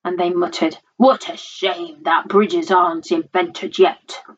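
A woman voicing a mean, grim tyrannosaurus couple who chant and mutter, slow and slightly lowered, on a dull lo-fi recording. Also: level tone, breathy edge.

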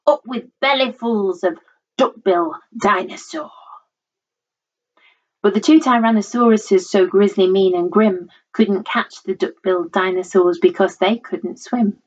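A woman voicing a mean, grim tyrannosaurus couple who chant and mutter, slow and slightly lowered, on a dull lo-fi recording.

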